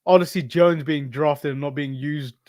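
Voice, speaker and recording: A man co-hosting a casual wrestling podcast, laughing often and pausing on fillers. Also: a little high, fairly even intonation, a little mellow, dry recording, studio quality. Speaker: podcast co-host.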